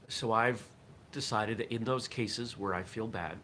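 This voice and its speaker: A man with a low, deep voice hosts a casual morning livestream and talks his thoughts through as they come. His tone is bright and forceful. A faint hiss sits under the recording. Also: a little slow. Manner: reflective, thinks aloud with restarts. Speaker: host of a martial arts morning show.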